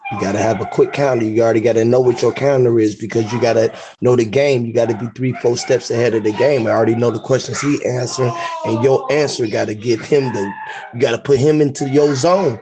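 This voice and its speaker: A man's voice: medium pitch, steady tone, fast, background noise. A man in a casual group chat, stressing his points by saying them again. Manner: emphatic, repeats points for stress. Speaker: participant in a group discussion.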